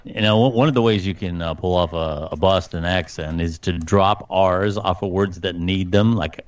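A man co-hosts a relaxed podcast, answering in short, agreeable bits. His voice sits a little low. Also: moderate pace, lo-fi sound. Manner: brief, agreeable replies. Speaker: podcast co-host. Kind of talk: casual chat.

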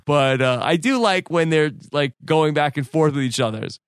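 A man with a fairly high voice chats casually as a podcast co-host, walking through scenes and acting out quoted lines. He leans on "like" as he talks, and the sound is close and dry with no room around it. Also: moderate pace, smooth, no room sound. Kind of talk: casual chat.

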